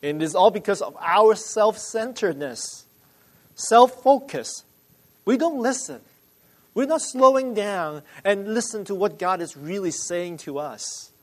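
A man's voice: high-pitched, sing-song, poor audio. Emphatic male pastor with a raised voice. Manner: emphatic, repetitive, deliberate phrasing. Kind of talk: sermon.

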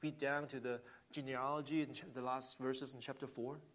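A man's voice: mid-range voice, level tone, normal speed, fairly bright tone. A man preaching a sermon, earnest, swelling with emphasis and often restarting phrases. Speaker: pastor.

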